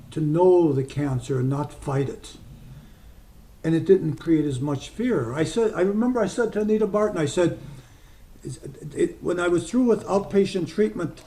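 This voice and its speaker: An older man from the United States, a hypnotist, telling personal stories to a group and slipping into slow, soft guided suggestions. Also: high-pitched. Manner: storytelling, slows to soft deliberate suggestions. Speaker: hypnotist speaker.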